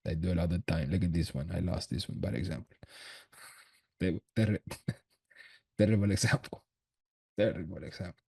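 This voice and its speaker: Casual trading streamer: a deep-voiced man with a husky edge, slangy and loose. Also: moderate pace, pauses often, warm tone. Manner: slangy, swears, laughs often, thinks aloud. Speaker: trader streaming his chart analysis. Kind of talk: casual livestream chat. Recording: voice from a distant mic.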